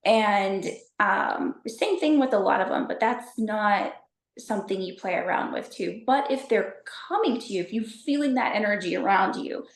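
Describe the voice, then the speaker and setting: A woman from Texas, a podcast guest telling stories in a chatty, animated way, full of fillers. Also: mid-range voice, moderate pace, reverberant. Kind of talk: casual storytelling chat.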